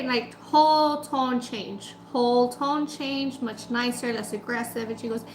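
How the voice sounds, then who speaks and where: A woman's voice: fairly high pitch, normal speed, hardly any pauses, reverberant, a little hiss or hum, low-quality recording. A woman food vlogger chatting casually and telling a story while she eats. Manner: chatty, animated retelling with quoted voices.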